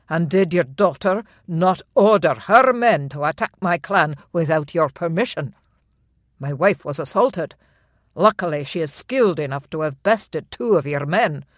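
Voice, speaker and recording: Firm, measured laird, assertive and unbothered; a romance-novel hero read by the narrator; dry, close sound. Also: medium pitch, no room sound, natural voice. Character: firm calm male Highland laird.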